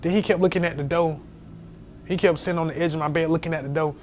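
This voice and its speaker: A young man telling a scary story in casual storytime style, animated and jumping to high squeals when he quotes himself. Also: quick pace. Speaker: storyteller vlogger. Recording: faint background noise.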